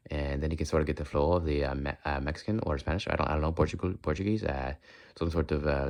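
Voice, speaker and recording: A man's voice: extremely low pitch, fairly even intonation, quick pace, darkish tone. An American man chatting casually in a walk-and-talk vlog, rambling and questioning himself as he goes. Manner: rambling, self-questioning, slips in and out of mock accents. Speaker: vlogger.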